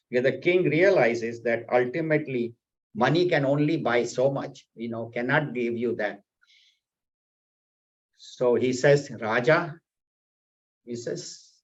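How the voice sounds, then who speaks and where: A man giving a spiritual discourse, telling a story in an animated, explanatory way. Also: medium pitch, a little slow, pauses often. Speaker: spiritual teacher. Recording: slightly dull, lo-fi audio.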